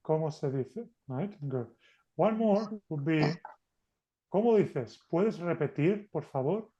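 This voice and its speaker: A man's voice: fairly high pitch, lively intonation, unhurried, warm tone, dull audio. A man teaching a beginner language class over a video call, patient and coaxing, switching between two languages. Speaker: Spanish teacher. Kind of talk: teaching an online group class.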